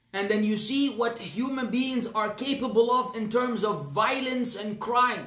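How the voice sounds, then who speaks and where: A man's voice: sits high, fairly bright tone, reverberant. A man with an Arabic accent teaching a religious class, speaking earnestly and emphatically, often repeating his phrases. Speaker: Islamic teacher.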